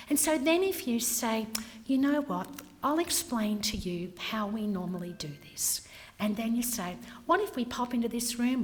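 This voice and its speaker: A woman giving a training talk, acting out customer conversations and now and then dropping to a whisper. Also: medium pitch. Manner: animated, acts out customer exchanges, drops to whispers. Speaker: workshop presenter. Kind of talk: training talk with acted scenarios. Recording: long reverb of a hall.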